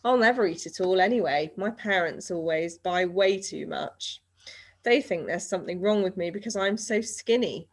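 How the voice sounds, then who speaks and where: A woman's voice: fairly low pitch, moderate pace, close to an everyday voice. A woman reading aloud and voicing a skinny, chatty young boy, eager and friendly.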